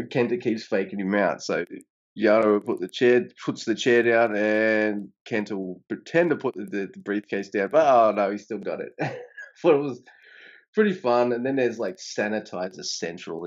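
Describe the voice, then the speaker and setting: A man co-hosting a casual podcast, talking in an animated, profane way, his voice jumping up when he makes a point. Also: normal speed, lo-fi sound. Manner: animated, swearing, pitch jumps up when emphatic. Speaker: podcast co-host reviewing wrestling.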